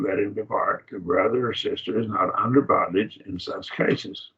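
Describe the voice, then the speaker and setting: Low gravelly man teaching a Bible class. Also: a bit bright. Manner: explains slowly with restarts and rhetorical questions. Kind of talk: classroom lecture. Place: church classroom. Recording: distant, muffled classroom recording.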